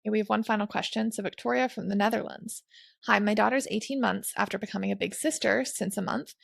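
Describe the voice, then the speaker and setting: A woman's voice: mid-range voice, steady tone, fast talker, vocal fry, no echo, clean studio sound. A young woman co-hosting a parenting podcast, asking questions and reading listener letters aloud. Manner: conversational, reads questions aloud.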